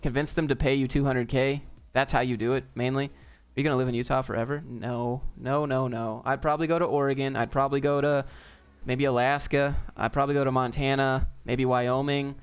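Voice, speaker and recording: A man's voice: mid-range voice, flat delivery, fairly quick, hardly any pauses, clear, resonant tone. A man hosting a casual live stream and answering viewer chat in a laid-back, joking, off-the-cuff way.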